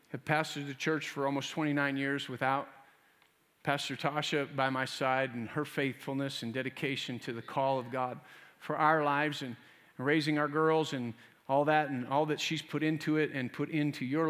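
A man's voice: mid-range voice, a bit bright, long reverb tail. A middle-aged man preaching as a pastor in a church, praying and speaking with fervent, emphatic delivery and folksy asides. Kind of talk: sermon. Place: church sanctuary.

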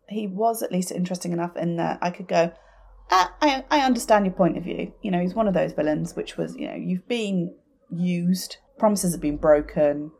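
A woman's voice: on the low side, vocal fry, a little mellow. A woman co-hosting a podcast, talking casually and rambling with lots of restarts. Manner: chatty and rambling, with many restarts and fillers. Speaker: podcast co-host. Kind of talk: casual fan podcast chat.

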